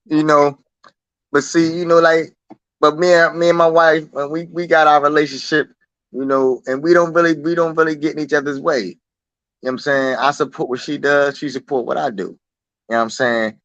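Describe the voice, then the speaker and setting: A man's voice: a little high, moderate pace, no room sound, muffled recording. A man guest in a casual, profane chat who acts out quotes in a raised voice. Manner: animated, swears a lot, acts out quotes in a raised voice. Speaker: interview guest.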